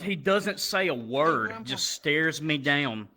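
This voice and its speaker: A young man doing crude, animated stand-up storytelling that jumps up into loud shouts. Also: fairly high pitch, slow, few pauses. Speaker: stand-up comedian.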